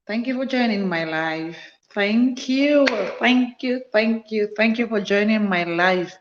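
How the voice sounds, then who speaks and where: A woman's voice: medium pitch, unhurried, highs cut off, background noise. A woman hosting a casual livestream, tired after a night shift, repeating thanks and greetings to viewers as they join. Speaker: livestream host. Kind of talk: casual live-stream chat greeting viewers. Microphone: phone.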